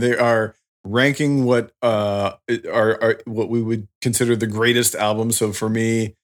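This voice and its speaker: A man co-hosting a podcast, giving measured opinions in casual chat and thinking aloud. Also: on the low side, steady tone. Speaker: podcast co-host.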